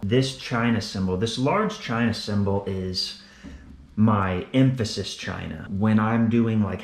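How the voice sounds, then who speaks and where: A young man, a drummer, casually explaining his drum kit and cymbals, often repeating words as he goes. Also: fairly low pitch. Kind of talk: casual gear walkthrough. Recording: echoey room.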